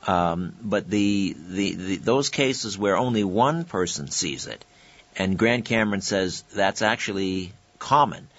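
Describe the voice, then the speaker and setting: A man's voice: low voice, lively intonation, measured pace, a bit bright, dry recording, muffled recording. A male host asking interview questions in a hesitant way, with many fillers.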